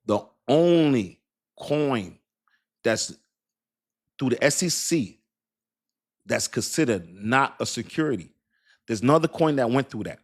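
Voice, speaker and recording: A man streaming casual, emphatic commentary to his viewers, repeating himself and asking them questions. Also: mid-range voice. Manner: emphatic, repetitive, talks straight to viewers with "y'all" and "you understand"; laughs and jokes about his own accent. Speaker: crypto streamer. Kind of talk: casual hype commentary to a live chat.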